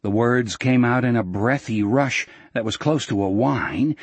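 A man reading a novel aloud as narrator, in a measured, steady manner. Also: mid-range voice, husky, no echo. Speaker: audiobook narrator. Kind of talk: scripted narration.

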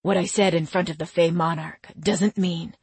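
Woman putting on a gruff young guy, low whisper, grudging, dry close sound. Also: fairly even intonation, moderate pace, darkish tone, dry recording.

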